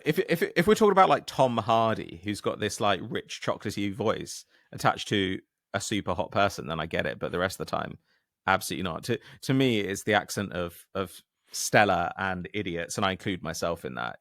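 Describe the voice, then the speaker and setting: An English man co-hosting a podcast in casual chat, wry and joking in a relaxed way. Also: low voice, a little fast, dry recording, clean studio sound. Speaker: podcast co-host.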